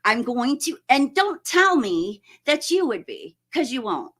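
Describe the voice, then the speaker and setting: A woman's voice: high-pitched, sing-song, a little slow, fairly bright tone, husky. A woman hosting a casual live stream, chatting and greeting viewers by name, laughing often.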